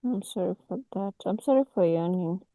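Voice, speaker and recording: A woman, teaching a casual online forex class over a video call, unhurried and full of restarts. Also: on the low side, mellow, no echo, rough recording. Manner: unhurried, with many restarts and fillers. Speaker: forex mentor.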